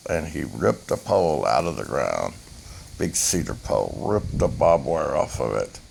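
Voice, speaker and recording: A man telling a personal story in a profane, folksy way that builds slowly. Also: very deep voice, creaky, darkish tone, slight background noise.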